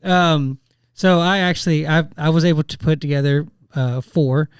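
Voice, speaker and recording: A man's voice: on the high side, moderate pace, smooth, no echo. A man on a podcast chatting in an easygoing, hesitant way as he sets up a story. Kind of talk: casual podcast chat.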